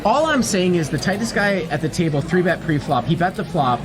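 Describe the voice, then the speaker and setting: A man's voice: high-pitched, lively intonation, brisk. A man with a Boston accent commentating on live poker, working through each hand analytically and thinking aloud. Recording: loud crowd noise behind.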